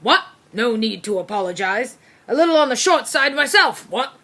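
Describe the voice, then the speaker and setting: A woman's voice: fairly high pitch, sing-song, moderate pace, sharp tone, voice pushed up, exaggerated voice. A woman voicing a pompous, blustering male corgi brigadier, who barks "what?" after his sentences in a storybook reading.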